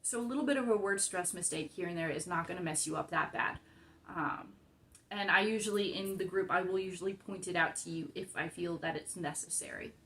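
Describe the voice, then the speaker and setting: A woman's voice: on the low side, brisk, a bit bright, slight background noise. A woman with an American accent leading a beginners' Spanish group, explaining word stress rules patiently and repeating key points step by step. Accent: American English. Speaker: Spanish class leader. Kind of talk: casual teaching explanation.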